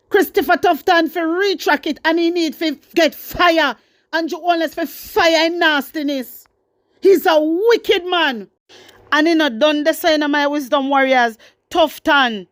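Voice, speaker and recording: Fiery Jamaican woman, high voice. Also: a bit bright, no echo, studio quality. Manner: fiery, scolding, repeats herself for emphasis. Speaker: commentary host. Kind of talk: casual news commentary.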